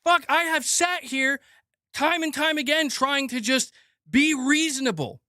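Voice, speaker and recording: Sarcastic ranting man, bright voice. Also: extremely high pitch, animated, a little slow, no room sound, studio quality. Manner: sarcastic, heated and profane. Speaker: gaming news streamer. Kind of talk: livestream rant.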